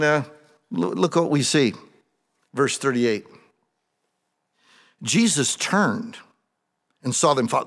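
A man delivers a conversational sermon, drifting into lively storytelling as he walks through the scripture. His voice sits at an ordinary middle pitch. The church hall around him lingers with a long reverb. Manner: conversational, animated storytelling with rising excitement. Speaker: pastor.

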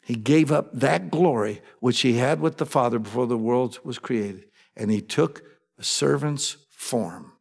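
A male pastor preaches a sermon in an animated style, often acting out eager voices with sudden pitch jumps. His delivery is unhurried, with vocal fry.

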